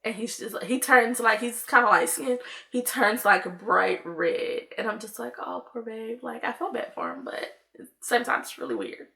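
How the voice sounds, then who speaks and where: A woman's voice: on the high side, normal speed, gravelly, pushed and bright. A young woman, chatting to viewers in a casual storytime vlog, full of "like" and "y'all". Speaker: vlogger.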